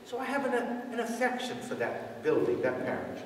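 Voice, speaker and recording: High-voiced priest preaching in an echoey church. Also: male voice, sing-song, moderate pace, far from the mic, a little hiss or hum. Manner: conversational preaching with rhetorical questions. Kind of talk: sermon. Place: large church.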